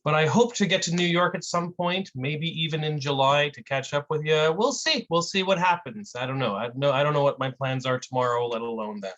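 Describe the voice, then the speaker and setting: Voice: mid-range voice, a little fast, hardly any pauses, lo-fi sound. Featured poet, casual and rambling, video-call sound. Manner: relaxed, rambling, swears casually. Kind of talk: casual chat.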